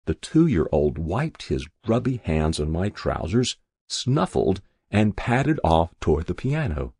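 Gravelly man reading a wry story. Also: sits low, big pitch swings, takes it slowly, a little mellow, dry recording. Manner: wry, dry first-person storytelling. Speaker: narrator. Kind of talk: audiobook narration.

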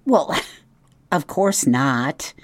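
A woman's voice: low voice, expressive, drawn-out words, no echo, heavily acted. A woman voicing a vain, theatrical female opossum who loves to perform, talking in a gushing, showy way.

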